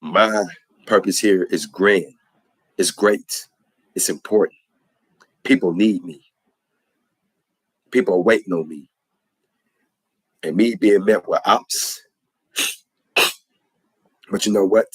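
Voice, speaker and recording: A man's voice: sits low, takes it slowly, long pauses, husky, no echo. A man giving an impassioned spoken testimony, preaching in an earnest, repetitive, emphatic cadence.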